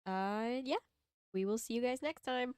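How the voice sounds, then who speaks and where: A chatty woman hosting a live stream, with a smooth, clear voice recorded close and dry. She talks casually and giggles as she signs off viewers. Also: a little high, measured pace, dry recording. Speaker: stream host.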